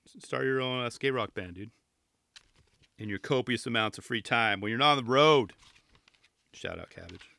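A podcast host with a mid-range male voice chats casually and jokes while flipping through a magazine, wandering into rambling asides and playful pleading. He talks at a normal speed in a pushed, bright way, and the recording is clean and dry.

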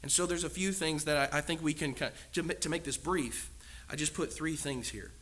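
A man's voice: on the high side, fairly quick, a bit bright, slight background noise. A man preaching a sermon in an earnest, emphatic way, asking the congregation many rhetorical questions.

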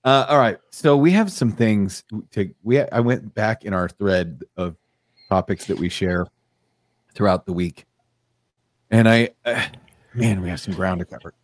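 A man's voice: lowish voice, a little slow, dry recording. A man hosting a casual podcast, reading news aloud with a sardonic edge. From United States. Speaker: podcast host.

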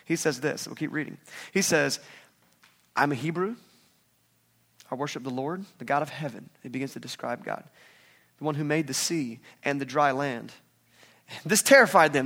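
Animated man preaching a casual sermon. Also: a little high, fairly quick. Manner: animated, acts out quoted voices. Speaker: pastor.

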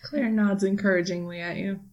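A woman game master narrating a tabletop role-play in a steady, descriptive way. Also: medium pitch, fairly quick, lo-fi sound.

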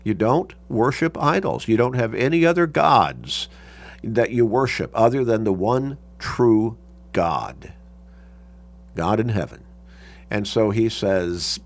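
A man's voice: mid-range voice, sing-song, a little slow, creaky. A man teaching a Sunday Bible class, reading scripture aloud and explaining it with emphasis.

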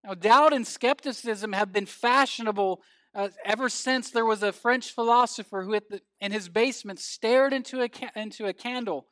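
A man preaching as pastor, reading scripture in a measured, earnest way and telling a story, his phrase ends falling soft. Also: high voice, no room sound, studio quality.

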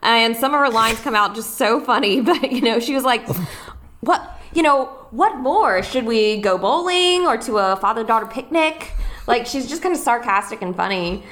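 A woman's voice: fairly high pitch, animated, moderate pace, a bit bright. A young woman co-hosting a casual rewatch podcast, giggling and restarting her sentences as she talks. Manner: giggly, hesitant, many restarts. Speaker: podcast co-host.

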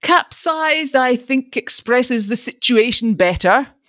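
A lofty, self-pitying old ironmonger, fussing and grand in a storybook reading, as a woman narrator puts him on. His lines rise high and swing widely, in a dry, close sound. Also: very animated, a little slow, fairly bright tone, no room sound, full character voice. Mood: lofty, fussy. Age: older. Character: fussy pompous retired ironmonger, older man.

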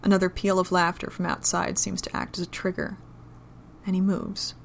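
A woman reading an adult romance story aloud in a low, intimate, steady manner. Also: moderate pace, gravelly, slight background noise. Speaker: narrator.

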